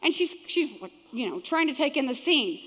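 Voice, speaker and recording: High-voiced woman pastor preaching in a large hall. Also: moderate pace. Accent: Texan. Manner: animated, acts out voices of the people in the story. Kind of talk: sermon. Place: large church auditorium. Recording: long hall reverb from a church auditorium.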